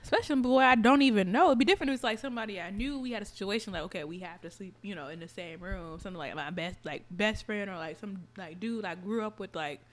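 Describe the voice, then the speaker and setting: A young adult woman in casual podcast chat, telling stories in an animated, profane way. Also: medium pitch, fast, few pauses. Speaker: podcast co-host.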